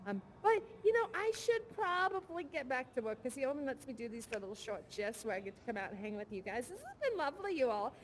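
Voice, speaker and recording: A woman's voice: high voice, very animated, fast talker, hardly any pauses, slight background noise. A woman playing a bubbly, giggly young woman who longs to bartend, chatting and rambling on through a headset mic in a live virtual reality show. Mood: chatty. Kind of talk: improvised live character chat.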